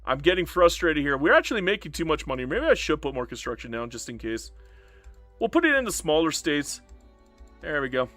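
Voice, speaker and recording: A man's voice: fairly high pitch, sing-song, fairly quick, a bit bright, dry recording, faint music behind. A man streaming a strategy game live, chatting casually to himself and his viewers, swearing and joking as he plays. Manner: chatty, talks to himself and chat, swears and jokes. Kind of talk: live gameplay commentary.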